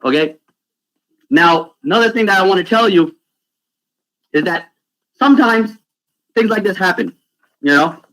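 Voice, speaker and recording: A lively man talks to children on a video call, pitched a little higher than most men. He tells stories animatedly and keeps checking in with "right?". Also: a little slow, long pauses, poor audio. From Pakistan. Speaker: youth speaker. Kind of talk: storytelling talk for children.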